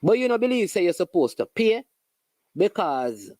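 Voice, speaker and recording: Jamaican host, casual commentary, sarcastic, animated, wide-ranging pitch, dry room. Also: moderate pace, no echo. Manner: animated, sarcastic, with frequent restarts and local phrases.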